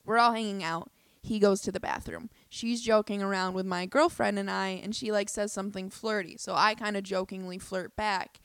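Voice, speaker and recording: Animated, swearing young woman telling a story. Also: mid-range voice, moderate pace, clean tone, no room sound. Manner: animated, profane, lots of fillers and restarts. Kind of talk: casual storytelling.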